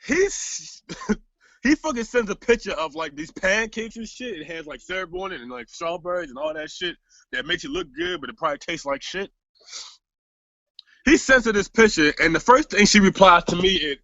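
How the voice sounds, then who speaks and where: A young man rants through a story to the camera in a casual, profane and exasperated way. His voice sits high and swings widely, with a gravelly edge and a bright tone. The recording is dry and a little dull. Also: big pitch swings, moderate pace, no room sound. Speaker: vlogger. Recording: slightly dull, dry lo-fi sound.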